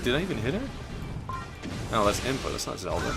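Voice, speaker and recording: A young man chats his way through a game, tossing off deadpan absurd jokes between plays. His voice rises and falls a lot in a middle register. Loud game music plays under him and button clicks sneak in. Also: mid-range voice, quick pace. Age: 20s. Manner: joking, rambling, deadpan absurd asides. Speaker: gaming channel host. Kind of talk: casual gameplay commentary. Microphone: desk mic with button clicks heard.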